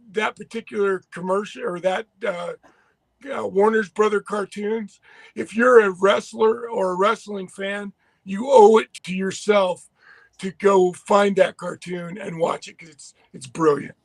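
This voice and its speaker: A man's voice: high voice, steady tone, measured pace, creaky, no echo. A man co-hosting a casual podcast chat, talking in an enthusiastic, rambling way with restarts. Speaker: podcast co-host.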